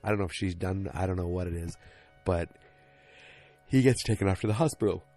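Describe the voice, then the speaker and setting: A man's voice: deep voice, brisk, a little mellow, soft background music. A tired man hosting a podcast, recapping an episode in a rambling, casual way full of restarts and fillers. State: tired, yawning. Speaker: podcast host.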